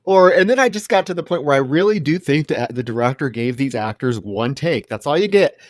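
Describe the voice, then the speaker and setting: A man co-hosting a podcast, recounting a film in a casual, wry, expressive way. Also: mid-range voice, brisk, no echo, studio quality. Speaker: podcast co-host. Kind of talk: casual film review chat.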